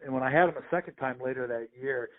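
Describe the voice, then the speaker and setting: Here is a seasoned sports official, middle-aged, chatting as a podcast guest in a story-driven interview. He talks quickly at a normal middle pitch, acts out the voices of others in his spirited anecdotes, and sounds thin and tinny through the phone.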